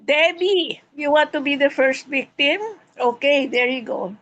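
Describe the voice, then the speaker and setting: A woman's voice: sits high, unhurried, fairly bright tone, dull audio. A woman leading table topics at a speaking club meeting, teasing and playful with the members. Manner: teasing, acts out silly quoted voices.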